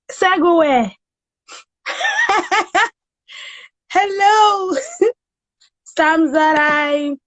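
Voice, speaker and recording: Woman, live-stream host, slow and high, voice roughed up by a cold, chatty, shouts out viewers. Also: low-quality recording. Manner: chatty, greets viewers by name, laughs often. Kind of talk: casual live-stream chat.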